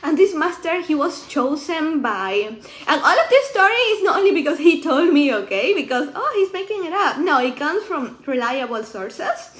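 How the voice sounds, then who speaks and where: Woman storyteller, high bright voice, animated and laughing, casual vlog delivery. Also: moderate pace. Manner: animated, laughs often, acts out quotes. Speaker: author sharing her story.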